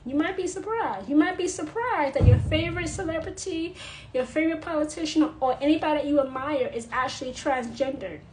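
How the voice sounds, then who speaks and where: A woman's voice: sits high, a little fast, darkish tone, slight background noise, low-quality recording. Blunt, repetitive woman ranting on camera. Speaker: vlogger. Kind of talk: unscripted monologue rant.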